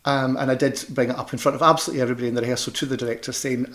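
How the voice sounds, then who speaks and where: A man's voice: mid-range voice, steady tone, rapid-fire, a bit bright. Chatty Scottish man with a Glasgow accent. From Scotland. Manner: chatty, rambling, many restarts and fillers. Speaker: panto performer and director. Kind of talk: casual interview chat.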